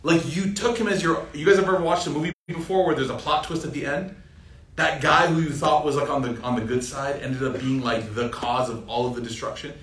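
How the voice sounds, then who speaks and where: A young man teaching an informal Quran reflection class, lively and joking, often asking the audience questions. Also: a little high, brisk. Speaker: Islamic teacher. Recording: roomy sound from a distant mic with faint ambient noise.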